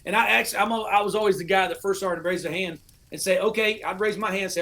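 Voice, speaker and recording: Animated American veteran spinning a profane yarn. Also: male voice, high voice, fast talker, few pauses. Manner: animated, profane storyteller, acts out his old orders. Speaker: podcast guest, army veteran. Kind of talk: casual storytelling.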